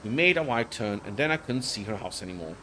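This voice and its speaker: A man's voice: mid-range voice, lively intonation, fast, sharp tone, slight background noise. Emotional man reading a story aloud. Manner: emotional, intense, with occasional slips. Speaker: streamer reading a visual novel aloud. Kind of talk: live-streamed dramatic reading. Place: home streaming setup.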